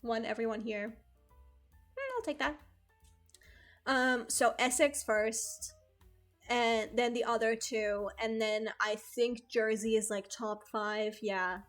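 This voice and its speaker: A young woman streamer chatting casually with her viewers, rambling and correcting herself, laughing often. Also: a little high. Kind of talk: casual chat with live chat.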